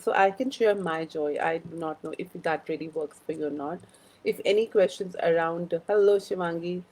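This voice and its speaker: A woman's voice: fairly low pitch, vocal fry, darkish tone, rough recording. A woman hosting a casual live-stream chat, rambling through personal stories and greeting viewers by name. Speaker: host of a live wellbeing chat.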